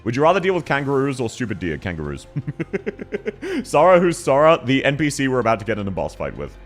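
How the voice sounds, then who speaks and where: An excitable young Australian man commentating his game stream, his pitch swinging widely as he jokes and yells. Quiet game music hums in the background. His voice sits mid-range. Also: fairly quick. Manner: excitable, bursts into shouting. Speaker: gaming streamer.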